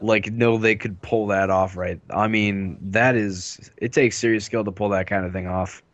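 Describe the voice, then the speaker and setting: A man's voice: on the low side, fairly even intonation, moderate pace, no echo, muffled recording. A man casting a live esports match, joking around and laughing between play-by-play calls. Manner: jokey, rambling, laughs often. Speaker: esports caster.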